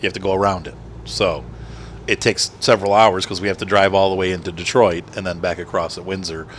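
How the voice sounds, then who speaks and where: A man's voice: sits low, flat delivery, fairly quick, slight background noise. A man giving casual commentary while playing a truck game, rambling and chatty as he talks with his small son. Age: adult parent. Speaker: gaming streamer. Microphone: desk microphone.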